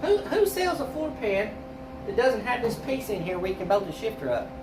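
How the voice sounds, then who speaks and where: A man's voice: high-pitched, sing-song, normal speed, background noise. A man, a car restorer, ranting in a frustrated way about bad parts in his garage workshop.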